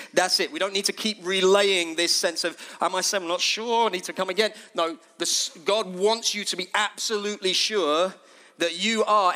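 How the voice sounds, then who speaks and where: A man preaching a sermon with passion, dropping to hushed tones and then rising to urgent shouts. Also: high-pitched. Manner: impassioned, swings from hushed to shouting.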